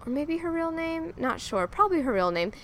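A woman's voice: extremely high pitch, big pitch swings, fairly quick, a bit bright, slight background noise. A young adult woman co-hosting a podcast, telling stories in a rambling, chatty way with plenty of ums. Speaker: podcast co-host. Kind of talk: casual true-crime chat.

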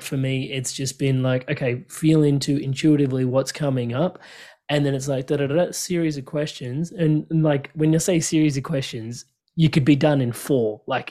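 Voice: mid-range voice, darkish tone. A podcast host chatting in an enthusiastic, rambling way and laughing often. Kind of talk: casual chat.

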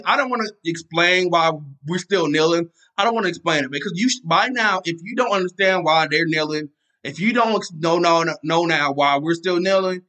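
Heated podcast host, bright and fiery. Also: male voice, on the high side. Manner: angry, repetitive, many restarts and fillers. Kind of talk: casual solo podcast rant.

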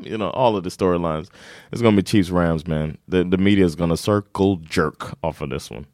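A man co-hosting a casual sports chat, animated and profane, quick to joke and swear. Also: low voice, dry recording, clean studio sound. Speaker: podcast co-host.

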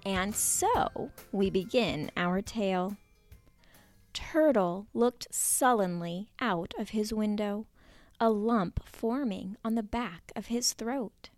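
A woman narrating a children's story in a playful, expressive way, at times dropping to a whisper. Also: mid-range voice, takes it slowly, no room sound, soft background music.

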